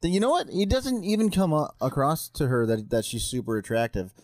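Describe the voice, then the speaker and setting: A man's voice: on the high side, fairly quick, a little mellow, no echo, studio quality. A man guesting on a podcast, chatting casually in a joking, rambling way and swearing now and then. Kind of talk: casual chat.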